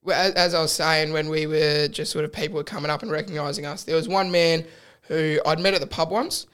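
A man's voice: a little high, steady tone, brisk, a bit bright, smooth. A young man with an Australian accent hosting a casual sports podcast, telling rambling stories and laughing often. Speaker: podcast host. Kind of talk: casual chat.

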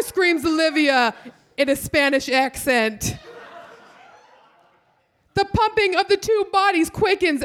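A woman reading her own raunchy comedy piece aloud on a live theater stage, deadpan, breaking into loud bursts. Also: extremely high pitch.

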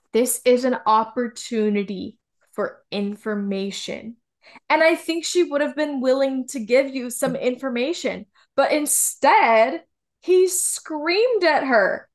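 A woman co-hosting a TV recap podcast, talking in a heated, emphatic way and swearing casually. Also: sits high. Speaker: podcast co-host.

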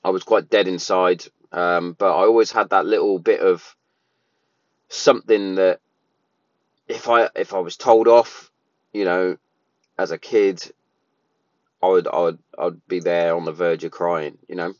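Rambling dad, dull dry sound. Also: male voice, sits low, fairly even intonation, unhurried, long pauses, no echo. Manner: rambling, many restarts and fillers. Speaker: parent sharing opinions. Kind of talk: casual monologue.

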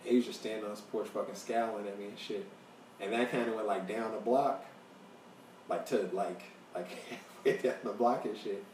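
A man from the Chicago area telling a profane, animated story on a casual podcast. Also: fairly low pitch, normal speed. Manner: profane, animated, acts out quoted voices. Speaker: podcast co-host. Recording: roomy, distant mic, faint noise.

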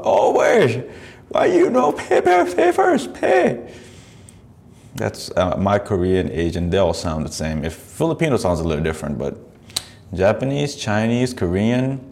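This podcast host is a man with a deep, darkish-toned voice. He comments on videos in a profane, rambling way and laughs often.

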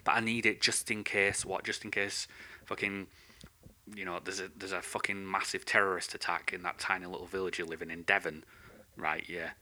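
A man with a low, forceful voice rants without a script, swearing constantly and sounding angry. His delivery is tense and pushy. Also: little pitch movement, fairly quick. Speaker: podcast host. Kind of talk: unscripted ranting monologue.

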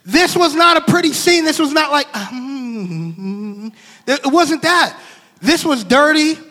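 A man's voice: very high voice, normal speed, big-room sound. A young man preaching a sermon, telling a story with lots of energy, acting out what people said and laughing often. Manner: animated, acts out quotes, laughs often. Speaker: pastor.

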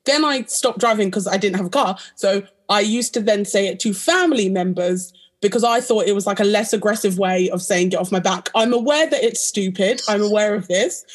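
A young woman co-hosting a casual chat podcast, telling a story in an animated, insistent way. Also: medium pitch, brisk, hardly any pauses. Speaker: podcast co-host.

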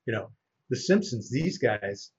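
A man's voice: mid-range voice, a little slow, breathy edge, lo-fi sound. A man who works as a voice actor, telling anecdotes in a casual chat. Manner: animated anecdote teller. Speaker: voice actor guest.

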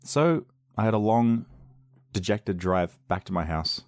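A man's voice: on the low side, lively intonation, measured pace, darkish tone, dry recording, studio quality. A young man, hosting a casual solo podcast, telling a self-mocking story and acting out the other people's voices. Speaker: podcast host. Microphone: podcast microphone on a loose cable at home.

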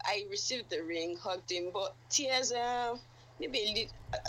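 A woman, a guest telling a story in a hesitant, halting way. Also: medium pitch, fairly bright tone. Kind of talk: casual storytelling. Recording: music playing clearly behind.

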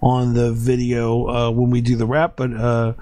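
A man chats on a podcast and tells a story at an easy, halting pace, stopping and restarting often. His voice sits in a middle range. The sound is dry and close to the mic. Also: mid-range voice, completely flat delivery, mellow, no room sound. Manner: rambling, halting storyteller with many fillers. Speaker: podcast host. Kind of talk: casual chat, storytelling.

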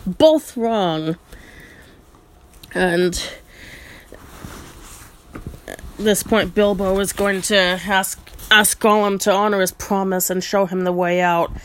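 Slow, musing woman reading aloud. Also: mid-range voice, flat delivery, fairly bright tone. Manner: thoughtful, musing asides, frequent ums. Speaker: storyteller. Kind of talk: reading a book aloud with asides.

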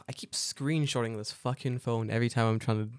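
A man co-hosting a podcast in casual chat, telling stories with lots of swearing and animated rants. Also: mid-range voice, moderate pace, dry recording. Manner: animated, swearing ranting storyteller. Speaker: podcast co-host.

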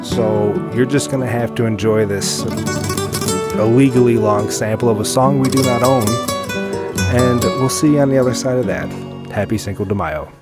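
A man's voice: medium pitch, normal speed, over loud music. A man co-hosting a podcast in casual chat, laid-back and joking, swearing freely. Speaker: podcast co-host.

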